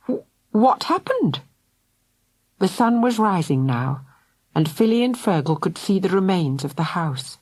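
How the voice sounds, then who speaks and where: A woman narrating a children's audiobook in a lively storytelling manner. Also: lowish voice, normal speed, no echo. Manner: lively, voices each character.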